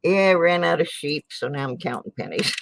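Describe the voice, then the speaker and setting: A woman's voice: low-pitched, a little fast, creaky, dry recording, poor audio. A sleepless woman rambling in a folksy way as she sorts coins in her living room late at night, sighing and muttering little exclamations. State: tired and sleepless. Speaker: coin roll hunting vlogger. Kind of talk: late-night casual chat while searching coins.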